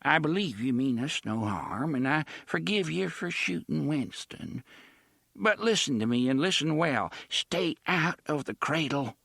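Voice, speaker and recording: A man's voice: on the high side, lively intonation, unhurried, vocal fry, a bit bright, slightly rough, no room sound, studio quality, voice pushed up, full character voice. A man reading aloud, voicing a frightened, grave old woman who gives solemn warnings in old-fashioned speech.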